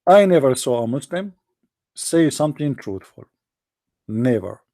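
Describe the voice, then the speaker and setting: A man's voice: mid-range voice, very animated, unhurried, warm tone, dry recording. A man on a live stream, talking sarcastically and taunting his opponents as he addresses them directly. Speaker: religious debate streamer. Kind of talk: mocking live-stream polemic.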